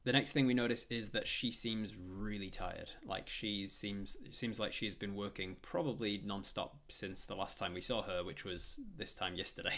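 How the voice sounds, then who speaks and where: A man's voice: lowish voice, fairly even intonation, normal speed, few pauses, bright, forceful tone. A man narrating a tabletop game as game master, rambling with frequent fillers and restarts.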